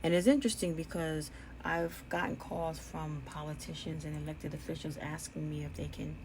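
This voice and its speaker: A woman with a New York accent speaks straight to her viewers in a personal vlog. Her voice sits low with a gravelly edge, and faint background noise runs under it. She sounds angry and worn, circling back to the same words again and again. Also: steady tone, moderate pace, hardly any pauses. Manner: emotional, angry, repeating herself. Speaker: vlogger.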